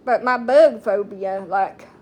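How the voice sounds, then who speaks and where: A woman's voice: mid-range voice, takes it slowly. A woman in her thirties from the United States, chatting casually to her viewers in a blunt, rambling way full of folksy slang. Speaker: TikTok streamer. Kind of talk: casual chat to camera.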